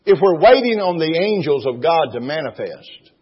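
A man's voice: on the high side, sing-song, normal speed, breathy edge. A man preaching a sermon, reading scripture aloud and rising to fervent exclamations. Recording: dull, roomy hall sound.

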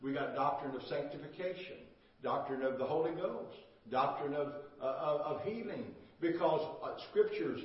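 A man's voice: on the high side, moderate pace, very echoey. Older man, pastor, emphatic sermon, distant muffled church recording. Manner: repetitive, emphatic, call-and-response "amen?".

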